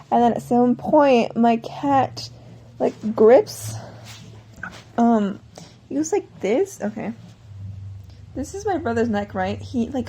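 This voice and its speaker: A woman's voice: on the high side, warm tone, husky. A woman vlogger telling a long personal story in a casual, rambling way, often correcting herself mid-sentence.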